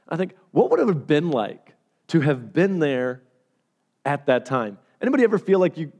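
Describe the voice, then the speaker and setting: A pastor preaches a sermon in a voice on the high side, telling stories and swinging animatedly between loud and hushed delivery.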